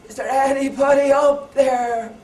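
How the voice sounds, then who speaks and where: A man voicing a desperate man hanging from a cliff branch, shouting up for help in a high, loud voice. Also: fairly even intonation, measured pace. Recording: echoey hall, far from mic.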